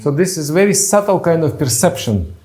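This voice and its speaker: A man teaches a meditation retreat class in an easy, conversational way, breaking into chuckles and restarting his sentences. His voice sits a little high and swings widely in pitch. The room around him rings with echo. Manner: animated, chuckles often, halting with restarts. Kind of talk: relaxed spoken lecture. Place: retreat room at a yoga monastery. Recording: echoey room.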